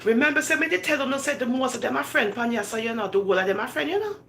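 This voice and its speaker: A woman giving lively, laughing commentary to viewers, slipping into patois as she goes. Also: sits high, very fast, vocal fry, a little hiss or hum. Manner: animated, laughing, patois-flavored gossip talk. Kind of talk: casual live commentary.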